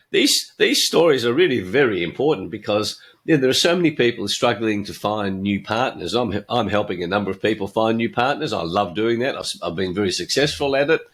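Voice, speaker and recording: A man's voice: lowish voice, a bit bright. An older man hosting his own podcast, telling jokes and giving blunt opinions with a chuckle. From Australia. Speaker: podcast host.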